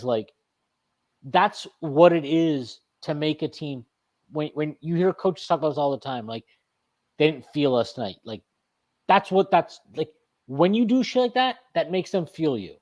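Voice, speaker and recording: A man's voice: fairly high pitch, expressive, unhurried, a little mellow. Man ranting heatedly about a game. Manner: heated profane ranting, emphatic; repeats himself, restarts phrases. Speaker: sports podcast host. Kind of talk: casual postgame sports talk.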